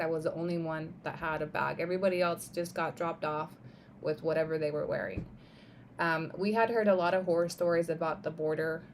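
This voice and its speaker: A young woman with a fairly low pitch shares a personal story on a live stream, animated and casual, leaning on "like" and "right?" and swearing now and then. There's a slight hiss or hum in the audio.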